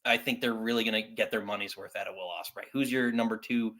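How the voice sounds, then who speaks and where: Bright-voiced male podcast host. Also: on the low side, fairly even intonation, quick pace. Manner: conversational, runs through rankings. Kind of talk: casual chat.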